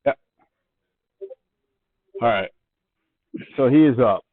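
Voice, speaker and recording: A man's voice: mid-range voice, takes it slowly, dry recording. A man narrating a tabletop game as its game master. He walks the players through the rules patiently, backing up to restate things. His voice comes through a thin, phone-like call line. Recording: tinny phone-like call audio.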